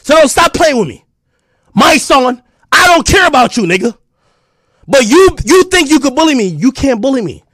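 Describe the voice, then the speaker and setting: A man with a podcast delivering an aggressive, profane callout, taunting and often shouting. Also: very high-pitched, big pitch swings, normal speed, no echo, studio quality. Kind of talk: heated callout rant to camera.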